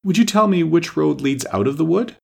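A man's voice: fairly high pitch, expressive, a little fast, gravelly, darkish tone, breathy edge, pitched above the performer's own voice, heavily acted. A man voicing a polite, curious young girl in a storybook reading.

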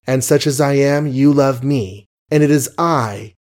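A man's voice: mid-range voice, a little slow, darkish tone, lightly acted. A man voicing a flippant but persuasive young poet in an audiobook, speaking earnestly to the woman he loves.

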